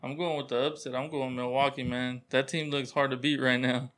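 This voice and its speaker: Man, casual sports talk, bright tense tone, slangy, restarts. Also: mid-range voice, level tone, brisk. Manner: loose, slangy, lots of restarts. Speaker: podcast co-host.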